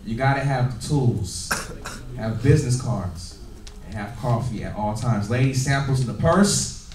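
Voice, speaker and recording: A man giving an energetic, laughing motivational business training to a live audience in a meeting room. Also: mid-range voice, a little slow, recorded from a distance, a little hiss or hum. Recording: echoey room, recorded from afar.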